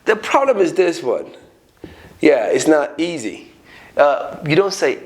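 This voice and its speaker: A man with an Ethiopian accent gives an unrehearsed English grammar lesson, his voice sitting a little higher than most men's. He talks in an animated way and slips into short acted-out exchanges to show how the words are used. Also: a little slow. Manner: animated, acts out little dialogues. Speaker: English teacher.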